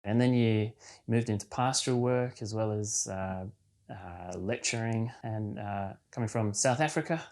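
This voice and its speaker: A man's voice: fairly low pitch, unhurried, darkish tone. A man hosting a podcast, asking questions and giving short, encouraging prompts. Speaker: podcast host. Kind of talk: interview questions.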